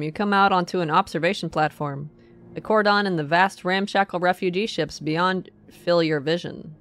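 A woman's voice: on the low side, a bit bright. A woman streamer playing a story game, reading the narration aloud and musing casually to herself.

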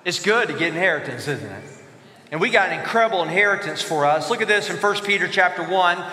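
A male pastor preaching a sermon in a church, animated, asking the congregation to answer his questions aloud. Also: high-pitched, fast talker, a little hiss or hum. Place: church sanctuary. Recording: echoey church hall with long reverb.

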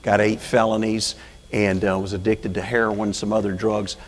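A man's voice: on the low side, level tone, moderate pace, long reverb tail. A man preaching as a prison chaplain in a church, folksy and plain-spoken, building to fervent calls for an amen. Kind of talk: sermon. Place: church sanctuary.

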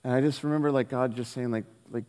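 A man preaching a sermon, telling a personal story in an earnest way and dropping his voice softly on the key lines. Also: mid-range voice, steady tone, quick pace. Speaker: pastor. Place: church hall. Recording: long hall reverb.

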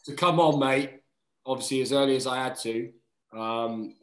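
In a relaxed conversation, a man who plays rugby recounts a story, cursing liberally, performing the quotes, and addressing everyone as mate. He speaks at a mid-range pitch and moderate pace, in a reverberant, low-quality recording.

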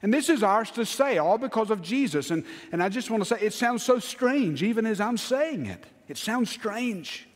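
Earnest preacher in a reverberant church. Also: male voice, big pitch swings, normal speed, hardly any pauses. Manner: earnest preaching, swinging between hushed low lines and raised emphatic ones. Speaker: pastor. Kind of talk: sermon. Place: church sanctuary. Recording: long church hall reverb.

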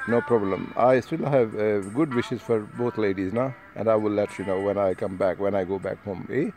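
A man's voice: lowish voice, normal speed, darkish tone. Man, casual rambling vlog, chatty tag questions, music playing underneath. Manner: chatty, addresses listeners one by one, frequent tag questions. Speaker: vlogger addressing an online speaking group. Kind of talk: casual rambling video message. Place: outdoors while travelling.

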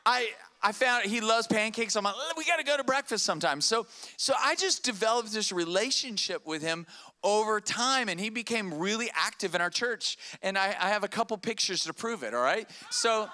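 A middle-aged man preaches from a church stage in a lively storytelling sermon. His voice sits high and sounds bright and smooth. He restarts phrases and keeps checking in with the congregation. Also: normal speed. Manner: animated, repeats words and checks in with "all right?". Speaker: pastor.

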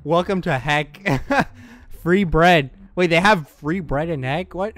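A man giving let's play commentary, excitable and thinking aloud as he plays, laughing often. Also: sits high, unhurried. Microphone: headset.

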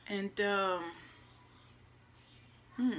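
Bright-voiced woman telling a story. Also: mid-range voice, steady tone. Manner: emotional, drawn-out, drops to near-whispers. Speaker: vlogger. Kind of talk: casual storytelling.

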